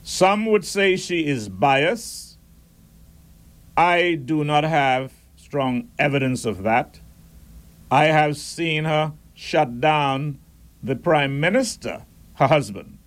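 A man hosting a radio talk show, reading listener messages and giving firm, measured opinions. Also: on the high side, animated. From Caribbean.

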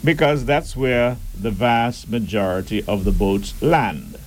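A man giving a deliberate, emphatic public address and asking rhetorical questions. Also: mid-range voice, rough recording. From Turks and Caicos Islands.

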